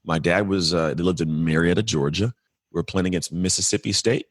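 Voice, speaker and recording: A man's voice: deep voice, steady tone, dry recording, studio quality. A man in his forties from California, a podcast guest telling his life story in an earnest, reflective way. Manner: earnest, reflective, fast-flowing with restarts. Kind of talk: candid storytelling interview.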